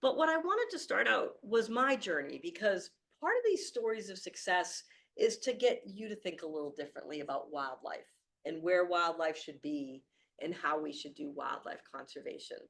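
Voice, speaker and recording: A woman speaking to a live audience in a room, earnest and warm, with fillers and restarts. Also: fairly low pitch, expressive, moderate pace, gravelly. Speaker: author giving a book talk. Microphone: handheld or stand mic.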